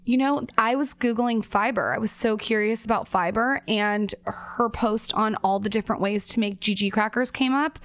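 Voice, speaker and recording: A woman's voice: a little high, moderate pace, hardly any pauses, a bit bright. A woman co-hosting a podcast, chatty, upbeat and teasing in casual talk. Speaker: podcast co-host. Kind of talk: casual chat.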